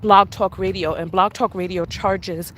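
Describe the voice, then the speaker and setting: Female vlogger, breathless from walking, sassy and quick to laugh, bright and forceful voice, light outdoor street noise behind her. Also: medium pitch, fairly even intonation. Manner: sassy, laughing, talks back to commenters. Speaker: vlogger and podcast host. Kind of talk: casual live-stream chat while walking. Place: outdoors on a walk. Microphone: handheld camera while walking.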